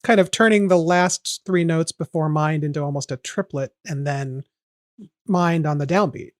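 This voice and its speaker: A man's voice: on the high side, normal speed, no room sound, studio quality. A man hosting a podcast, walking step by step through a song's melody in casual, analytical talk. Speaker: podcast host. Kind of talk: casual music analysis chat.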